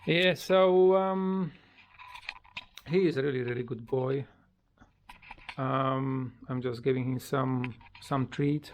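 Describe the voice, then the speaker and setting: A parrot owner at home, talking casually with many fillers and restarts in non-native English grammar, and cooing high at the bird. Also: steady tone, slow pace, pauses often, a little hiss or hum. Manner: coos in a high sing-song voice when talking to the bird. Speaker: parrot owner showing a homemade bird playground. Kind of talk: casual home video chat.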